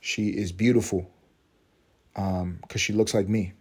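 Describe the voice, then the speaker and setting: A man's voice: deep voice, fairly even intonation, moderate pace, creaky, darkish tone, husky. A man hosting a casual solo podcast, rambling and swearing freely, mocking himself and breaking into laughter. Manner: rambling, profane, self-mocking with bursts of laughter. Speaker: podcast host.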